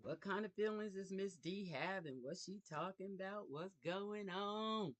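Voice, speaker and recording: Slow-talking woman hosting a craft live. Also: medium pitch. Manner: slow, warm, reflective talk to viewers. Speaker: YouTube craft livestream host. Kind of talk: casual live vlog chat. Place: home craft room.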